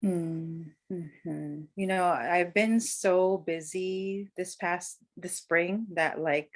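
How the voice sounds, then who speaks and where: A woman with a fairly low voice speaks in an easy conversational way. She sounds earnest and reflective, and she often leans on "like" as she talks. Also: fairly even intonation, extremely slow. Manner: earnest, reflective, frequent "like" fillers. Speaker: guest, healer and ceremonialist. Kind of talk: casual podcast conversation.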